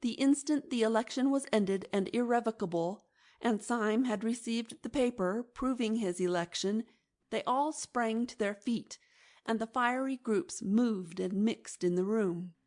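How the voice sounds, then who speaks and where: A woman narrating a classic novel as an audiobook in a measured, expressive reading. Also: on the high side. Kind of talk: scripted narration.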